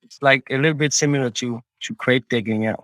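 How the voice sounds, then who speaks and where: A man's voice: medium pitch, a little fast, fairly bright tone, dry recording, poor audio. A man talking as an interview guest, a startup founder, hesitant, with many restarts and fillers. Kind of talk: casual interview talk.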